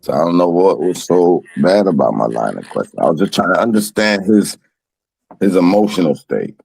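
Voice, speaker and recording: A man in a heated casual panel debate, talking in a slow, drawn-out way. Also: sing-song, a little mellow, dry recording. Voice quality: gravelly, low and drawn-out. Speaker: panel participant.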